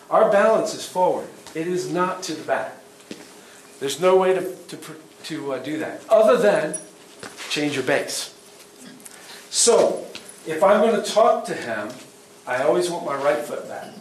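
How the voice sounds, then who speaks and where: A man's voice: sits high, animated. Middle-aged man teaching in an echoey hall. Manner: plain, practical, asks the class quick questions. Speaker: self-defense instructor. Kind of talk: workshop teaching. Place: event hall. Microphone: distant room mic. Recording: echoey hall from far off, faint noise.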